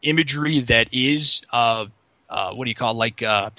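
A man in casual gaming chat, excitable and rambling, full of restarts and fillers. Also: medium pitch, normal speed, no room sound.

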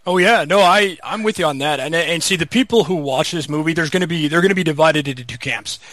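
Higher-voiced man in casual podcast talk. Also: fast, a bit bright, no room sound. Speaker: podcast co-host. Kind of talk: casual chat.

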